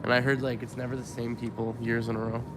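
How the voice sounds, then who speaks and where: A man's voice: mid-range voice, flat delivery, quick pace. Rambling young guy on a city street. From Winnipeg, Canada. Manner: rambling, lots of likes and ums, swears casually. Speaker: vlogger. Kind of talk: casual walking vlog monologue. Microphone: handheld camera rig while walking. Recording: street noise and passing cars. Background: city traffic.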